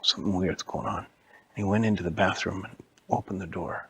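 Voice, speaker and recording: A man telling a made-up spooky story to a child, switching into high squeaky voices for characters and dropping to a whisper at scary moments. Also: steady tone, a little fast, husky, no echo. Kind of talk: improvised bedtime-style story for a child.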